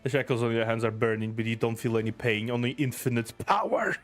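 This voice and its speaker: A man's voice: mid-range voice, monotone, fast, soft background music. A man streaming a game, reading the story text aloud and chatting, laughing and swearing easily, a bit teary-eyed.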